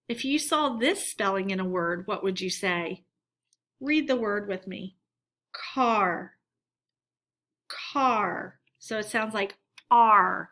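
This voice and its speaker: A woman teacher giving a recorded phonics lesson for children, reading words aloud slowly and deliberately for them to repeat. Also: fairly high pitch, bright, forceful tone.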